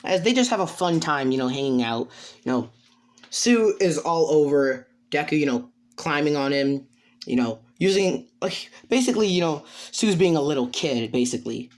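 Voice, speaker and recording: Male storyteller, improvised fan-fiction narration, halting, rambling, restarts. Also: on the high side, expressive.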